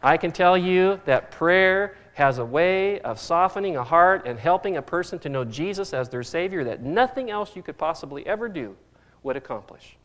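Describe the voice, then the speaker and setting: A man's voice: a little high, animated, normal speed, a bit bright. A middle-aged man preaching a sermon as pastor, earnest and fond of repeating phrases for emphasis.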